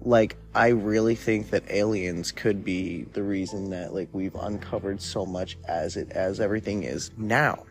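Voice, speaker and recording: A young man hosting a solo podcast, rambling in a laid-back way with lots of filler words while high. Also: steady tone, measured pace, few pauses, soft background music. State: high from smoking weed. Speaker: podcast host. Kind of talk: casual solo podcast monologue.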